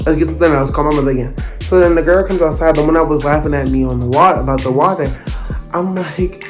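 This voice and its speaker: A young man narrating a storytime vlog in an animated, dramatic, slangy way. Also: on the high side, fast, music in the background. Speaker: vlogger.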